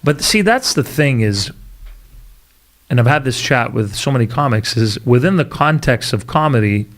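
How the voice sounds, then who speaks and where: Podcast host man, mid-pitched. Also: animated, moderate pace. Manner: short agreeing interjections. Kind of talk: casual interview chat.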